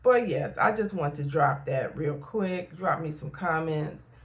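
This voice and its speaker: A woman's voice: low voice, expressive, a little slow. A middle-aged woman, a therapist and life coach, talking frankly in a casual motivational vlog and repeating points for emphasis.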